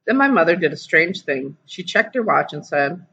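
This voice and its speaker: A teacher reading a children's novel aloud to a class over a video call, lively and putting on voices. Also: medium pitch, moderate pace, hardly any pauses, slightly rough, lo-fi sound. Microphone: computer mic on a video call.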